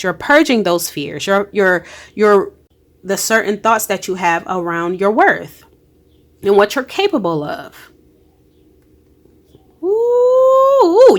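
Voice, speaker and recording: A woman giving a casual spiritual card reading, emphatic and encouraging, with frequent exclamations and colloquial speech. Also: mid-range voice. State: emotional. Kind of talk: casual tarot-style energy reading.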